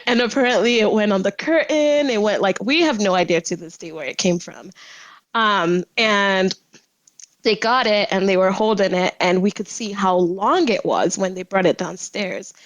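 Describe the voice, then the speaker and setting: A young woman tells a story on a podcast, with plenty of laughter breaking through. Her voice sits in an ordinary middle pitch and is recorded close and dry, with no room sound. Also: normal speed, dry recording, poor audio. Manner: animated, laughs often while telling. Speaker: podcast guest. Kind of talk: casual storytelling.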